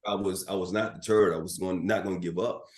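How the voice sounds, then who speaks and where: A middle-aged man, a sports broadcaster guesting on a podcast, telling animated anecdotes with plenty of filler words. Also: low voice, fast. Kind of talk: storytelling in a podcast interview. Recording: roomy echo.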